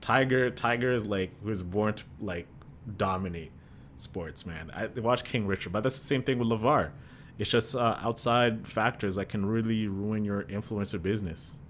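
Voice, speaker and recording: A man's voice: on the low side, moderate pace, a little hiss or hum. A man co-hosting a podcast, telling stories in a laid-back, casual way and saying "like" a lot. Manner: laid-back, storytelling, says "like" often. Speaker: podcast co-host. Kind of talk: casual chat.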